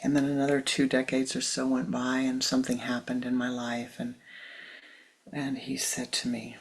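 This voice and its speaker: An older spiritual teacher speaks in a gravelly, mid-pitched voice. The talk is soft and measured, leading into a meditation, and often sinks into a near whisper. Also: flat delivery, rough recording.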